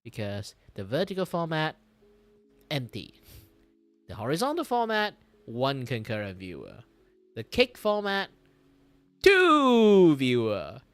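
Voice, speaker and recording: A man chats on his live stream as he draws, his pitch swinging widely from low mutters to loud bursts. He rambles, dizzy and disoriented, and swears and laughs along the way. Soft music plays behind him. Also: wildly swooping pitch, unhurried, long pauses. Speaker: art streamer. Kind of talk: casual live-stream chat while drawing.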